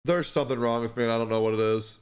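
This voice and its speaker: A young man streaming live, distressed and stressed, talking in halting, repeated words with apologies and heavy swearing. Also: medium pitch, fairly even intonation, faint music behind.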